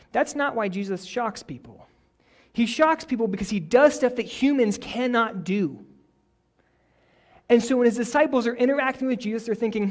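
A young adult male pastor who prays quietly, then preaches a story-driven sermon with building energy. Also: very high-pitched, moderate pace. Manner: prays softly, then preaches with rising energy and animated stories.

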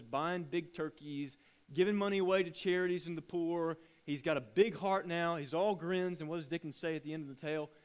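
Pastor with a high-pitched voice, animated preacher who acts out his stories. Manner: animated storytelling, acting out voices. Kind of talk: sermon.

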